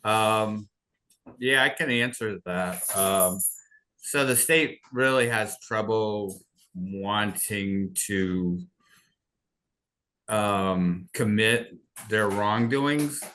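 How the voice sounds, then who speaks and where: A man chairing a commission who speaks in a halting, deliberate way in an online meeting. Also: fairly low pitch, pushed and bright, slight background noise.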